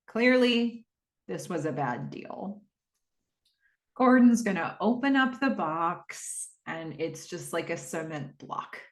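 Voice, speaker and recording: A woman's voice: medium pitch, fairly bright tone, roomy sound. A woman hosting a podcast, recapping a TV episode in a chatty, rambling way with lots of fillers. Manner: chatty, rambling, with frequent fillers and quick acted-out quotes. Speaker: podcast host.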